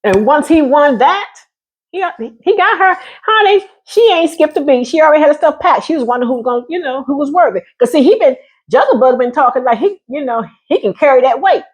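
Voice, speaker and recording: A woman's voice: sits high, lively intonation, a little fast. A woman talking casually to her viewers in a sassy manner, calling them honey and laughing often. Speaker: vlogger giving relationship talk.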